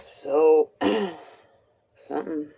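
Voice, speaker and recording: A woman with a deep, creaky voice that's warm and slightly rough reads tarot live in a casual way. She speaks slowly, drawing things out, while chatting, laughing often and cursing casually.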